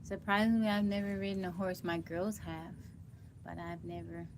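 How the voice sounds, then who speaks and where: A woman's voice: lowish voice, flat delivery, normal speed, slight background noise. A middle-aged woman hosting a casual livestream, chatting to viewers by name while sounding tired and weak, on a phone mic at home. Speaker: livestream host.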